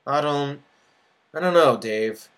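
Man playing a hesitant young guy, reluctant, halting, unsure. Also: on the high side, a bit bright, voice pushed up.

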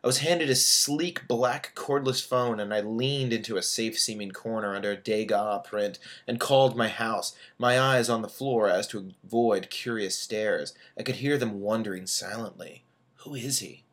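A man's voice: lowish voice, moderate pace, few pauses, fairly bright tone. A man in his thirties, an author reading his own fiction aloud and breaking off for casual asides with fillers. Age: 30s.

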